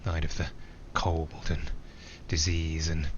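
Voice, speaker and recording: As the narrator-pilot in a theatrical monologue, an actor portrays a lone flyer who muses and wanders off on tangents, hesitating slightly. He speaks slowly and flatly in a bass voice, and the lo-fi recording carries a little hiss or hum.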